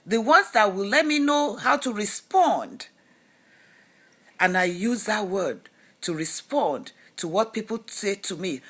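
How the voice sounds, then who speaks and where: A woman's voice: on the high side, a bit bright, husky. A woman vlogger giving an emphatic motivational talk, full of rhetorical questions and advice. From lives in Canada. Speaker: lifestyle vlogger.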